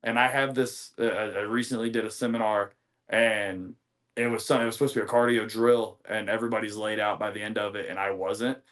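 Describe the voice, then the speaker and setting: A young man from the United States chats as a wrestling guest on a podcast. His voice sits a little low. He rambles, backtracks and fills gaps with ums, building his stories with animated energy. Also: fairly quick. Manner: rambling, animated, many fillers and restarts. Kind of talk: casual interview storytelling.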